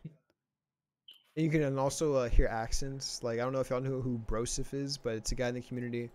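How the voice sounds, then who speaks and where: A man's voice: mid-range voice, fairly even intonation, fast, darkish tone. A young man from Texas hosting a casual podcast chat, rambling with lots of fillers and restarts. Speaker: podcast host.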